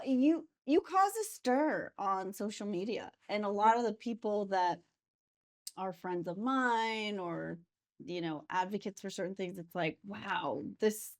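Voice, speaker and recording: A woman hosting a podcast interview, asking questions and backing up her guest with quick agreement. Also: medium pitch. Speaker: podcast host.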